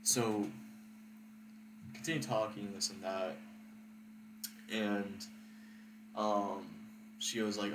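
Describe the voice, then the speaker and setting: A man's voice: on the low side, slow pace, long pauses. A young man telling a story casually, rambling and profane with lots of filler words. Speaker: vlogger. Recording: echoey room with background noise.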